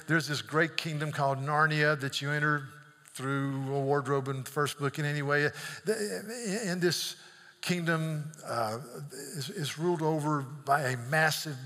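A male pastor preaching a sermon, telling stories with emphatic declarations, in a church sanctuary. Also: a little high. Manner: emphatic storyteller, rising to loud declarations. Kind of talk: sermon with storytelling. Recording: long hall reverb.

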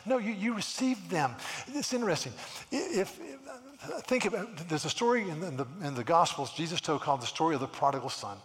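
A man preaching a sermon in a church, animated, often repeating words and acting out the people in his stories. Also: sits high, moderate pace, in a large hall. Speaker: pastor.

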